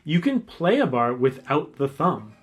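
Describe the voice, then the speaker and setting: A man teaching a guitar lesson, explaining calmly and counting beats aloud as he demonstrates. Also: on the high side, measured pace. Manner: relaxed, counts beats aloud while playing. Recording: faint guitar playing behind.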